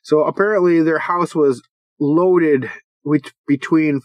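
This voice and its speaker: A man's voice: on the high side, fairly even intonation, slow, no echo, highs cut off. A man co-hosting a podcast in casual chat, laughing often and teasing himself and his partner. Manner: laughs often, joking and self-mocking. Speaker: podcast co-host.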